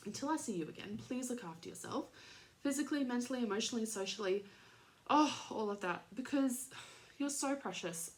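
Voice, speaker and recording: A high, expressive voice belongs to this Australian podcast host, a woman in her thirties who talks fairly quickly. She chats casually and wanders from point to point, with many fillers and small laughs along the way.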